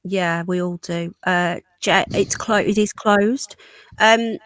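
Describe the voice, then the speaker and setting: A woman hosting a casual livestream chat, her voice going hoarse, clearing her throat often. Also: on the low side, fairly even intonation, slow pace. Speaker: livestream host. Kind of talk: casual live chat reading comments.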